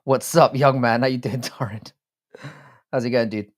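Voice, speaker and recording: A man's voice: medium pitch, fairly even intonation, moderate pace. A British man hosting a live stream, chatting casually and swearing often while greeting viewers by name.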